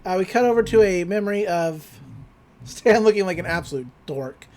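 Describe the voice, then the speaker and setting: A man's voice: high-pitched, normal speed, slight background noise. A man co-hosting a podcast, casually recapping a cartoon episode and retelling scenes with a lot of energy. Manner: animated retelling, quotes characters in put-on voices, laughs often. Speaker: podcast co-host.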